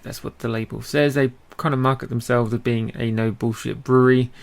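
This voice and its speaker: A man's voice: medium pitch, fairly even intonation, fairly quick, creaky, hardly any pauses. A man with an Australian accent co-hosting a casual podcast, chatty, with lots of ums and frequent laughs. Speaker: podcast co-host. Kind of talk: casual chat.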